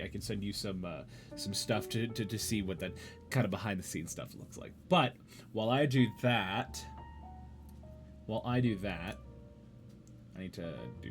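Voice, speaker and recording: A young man hosts a livestream talk show with a mid-range voice. He rambles cheerfully, answering chat and trailing off into asides. Faint music plays quietly underneath. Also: mid-range voice. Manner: rambling, chatty, reads chat aloud. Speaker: podcast host.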